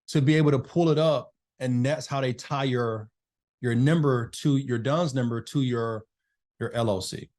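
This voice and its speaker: A man teaching a business masterclass over a video call, his voice sitting fairly high for a man. He talks in a loose, chatty way and calls on participants by name. The call mic is his everyday setup. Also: a little mellow. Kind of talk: casual live online class.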